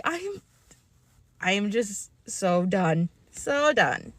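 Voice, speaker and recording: A woman's voice: medium pitch, sing-song, takes it slowly, a little hiss or hum. A young adult woman venting heatedly into her phone, swearing often as she complains. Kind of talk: angry vlog rant.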